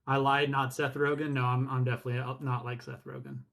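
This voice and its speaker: A man's voice: mid-range voice, level tone, quick pace, a bit bright. A man chatting casually with friends, joking around and laughing easily. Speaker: chat participant. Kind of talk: casual group chat.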